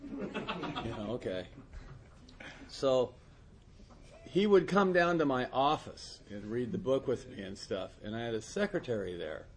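A man's voice: mid-range voice, background noise. Man telling a story with frequent laughs. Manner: laughs often, repeats words and restarts. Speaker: recovery sponsor telling a story. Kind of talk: casual spoken anecdote.

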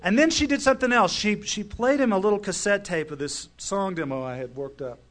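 Middle-aged guy sharing his story at a recovery meeting, kinda high voice, wry and chatty. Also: a little fast, a bit bright. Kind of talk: personal story told to an audience.

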